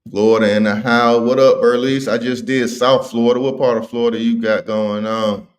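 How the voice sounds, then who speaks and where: A man's voice: mid-range voice, fairly even intonation, normal speed. A man hosting a casual livestream, talking in slang and reading viewer comments aloud. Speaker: livestream host.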